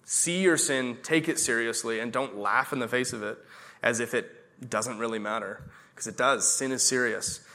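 A man preaching a sermon with a bright, forceful voice at a middle pitch. He repeats scripture slowly for emphasis and throws questions out to the congregation. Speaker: pastor.

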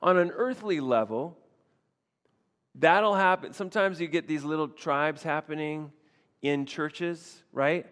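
A man with a slightly high voice preaches in a relaxed, conversational way. He keeps doubling his words and tossing out quick "right?" asides. His voice rings with a long hall reverb. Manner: conversational, repeats phrases, frequent "right?" asides. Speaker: pastor. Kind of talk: expository sermon.

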